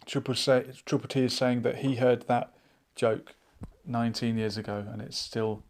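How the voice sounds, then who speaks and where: A man hosting a live online chat show, musing out loud and reading viewers' comments aloud in a casual, thinking-aloud way. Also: mid-range voice, fairly even intonation, normal speed, slight background noise. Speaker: livestream chat host.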